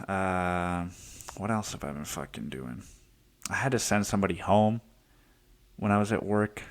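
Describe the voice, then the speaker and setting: A man's voice: lowish voice, normal speed. Profane young man ranting casually. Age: 20s. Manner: profane, heated, acts out quotes. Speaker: podcast host. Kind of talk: casual storytelling monologue.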